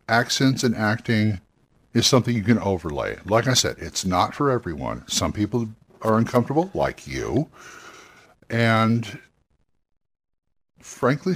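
A man's voice: mid-range voice, slightly rough. A man hosting a talk show about roleplaying games, speaking in a casual, rambling monologue that often corrects itself and encourages listeners. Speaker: podcast host giving roleplaying game advice.

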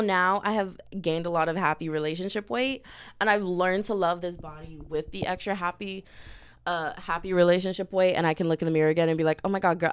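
Animated young woman chatting candidly. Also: fairly low pitch, clean tone. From family from Dominica, lives in Houston. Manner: animated and chatty, addresses listeners as girl and y'all. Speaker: podcast host. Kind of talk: casual personal chat.

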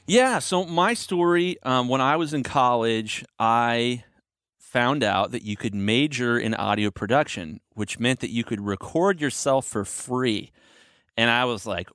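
A man's voice: mid-range voice, expressive, a little slow, fairly bright tone, clean tone, dry recording, clean studio sound. A man being interviewed on a podcast, telling his story casually and enthusiastically. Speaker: podcast guest, mastering engineer.

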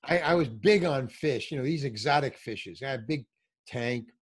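A man's voice: moderate pace, breathy edge. An older man telling a comic story in casual chat, acting out the people in it with big jumps in his voice. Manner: animated, acts out quotes with big pitch jumps. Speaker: comedian guest telling stories.

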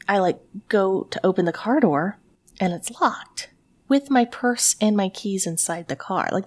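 A woman from Tennessee who hosts a ghost story podcast, telling a story in casual chat, animated and sweary with lots of "like". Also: medium pitch.

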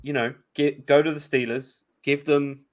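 A man's voice: on the high side, fairly even intonation, measured pace. A man co-hosting a casual sports talk show, swearing freely and ranting with fired-up energy. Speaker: podcast co-host.

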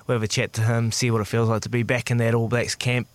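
Man, New Zealand accent, relaxed breakfast co-host, says mate a lot, dry studio mic. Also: medium pitch, fast talker, no room sound. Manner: laid-back, calls everyone mate. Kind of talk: casual radio banter.

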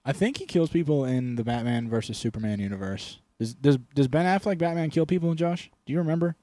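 A man's voice: brisk, dark tone, no echo. Crude joking man on a podcast. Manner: crude joking, acts out bits in a gruff low voice. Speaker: podcast co-host. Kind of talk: casual comedy podcast chat.

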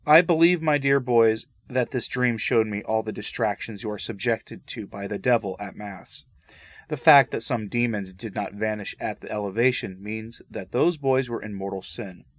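A man reading a saint's visions aloud in a measured way, with loose spoken asides that break off and restart. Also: lowish voice, no room sound, clean studio sound. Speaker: religious commentator. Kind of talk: reading a saint's story with commentary.

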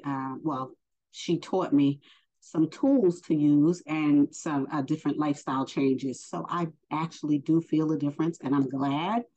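A woman giving a casual spoken religious lesson, unhurried and hesitant with many fillers. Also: deep voice, dark tone. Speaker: faith teacher. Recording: dull lo-fi recording.

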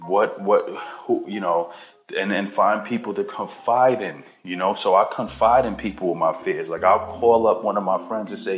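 Low-voiced man giving a casual podcast pep talk. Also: normal speed, soft background music. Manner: conversational, addresses listeners as "guys", many "you know"s. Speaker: podcast host. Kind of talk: casual motivational monologue.

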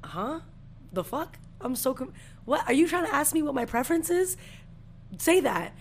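A woman's voice: sits high, normal speed, pauses often. Young woman cussing her way thru a story on a podcast, slang everywhere, bit of faint background hum. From Puerto Rican family. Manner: profane, animated storytelling with street slang. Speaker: podcast co-host. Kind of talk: casual storytelling chat.

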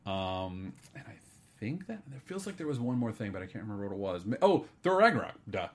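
A man hosting a casual podcast, his voice sitting a little low. He rambles through his guesses, trips over restarts and fillers, then perks up for quick animated asides. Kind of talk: casual movie news chat.

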